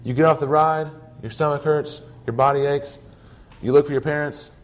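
A man's voice: a little high, fairly even intonation, normal speed. A man preaching a sermon, telling stories earnestly in short emphatic phrases.

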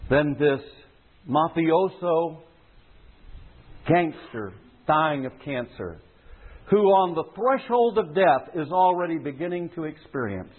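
A male preacher gives an earnest, emphatic sermon in a slightly high voice. His tone is husky, and the recording is tinny and phone-like.

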